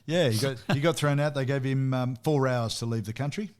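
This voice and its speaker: A man's voice: medium pitch, fairly quick, a little mellow, smooth. Anecdotal man presenting a music segment. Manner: anecdotal, chuckles at his own stories. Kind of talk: casual radio chat.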